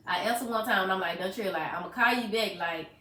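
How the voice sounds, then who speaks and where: A woman's voice: mid-range voice, fast. A young woman from Arkansas, casually and animatedly retelling a painful story to her co-host and acting out what people said. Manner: animated retelling, acts out quoted voices, swears freely. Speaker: podcast co-host. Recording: roomy echo.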